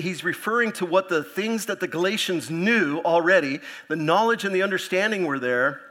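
A man's voice: mid-range voice, bright, forceful tone. A man preaching a conversational sermon, teaching through a passage with casual asides. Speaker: pastor.

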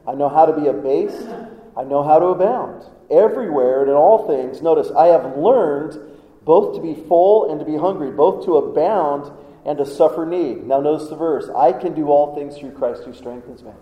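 Man preaching conversationally in an echoey hall. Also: on the high side. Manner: conversational, asks the congregation questions. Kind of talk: sermon. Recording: echoey hall, dull sound.

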